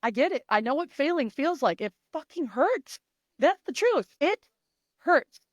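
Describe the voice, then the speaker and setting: A woman's voice: high voice, sing-song, unhurried, no room sound, muffled recording. A middle-aged woman coach talking in a casual interview, emphatic and blunt, swearing freely. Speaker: mental performance coach.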